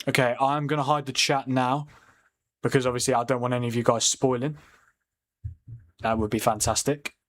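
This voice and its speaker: A young man hosting a casual football watchalong livestream, chatty and quick to laugh while talking to his chat. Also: medium pitch, flat delivery. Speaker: livestream host.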